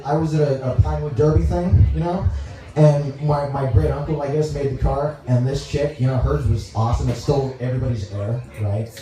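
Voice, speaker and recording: A young man from Dallas doing a stand-up comedy set, rambling, halting and crude as he talks to the crowd on a club stage. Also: medium pitch, mellow. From Dallas, Texas. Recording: echoey room, mic heard from far off.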